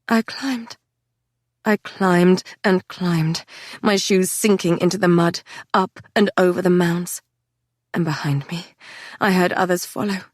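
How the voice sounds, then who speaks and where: A woman reading a dark fantasy novel aloud in the first person, intense and measured. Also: lowish voice, dry recording, clean studio sound. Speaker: audiobook narrator. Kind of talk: dramatic first-person audiobook narration.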